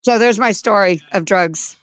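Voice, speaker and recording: A woman telling a personal story in casual chat, animated and laughing as she acts out her own panic. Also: medium pitch, moderate pace, dry recording.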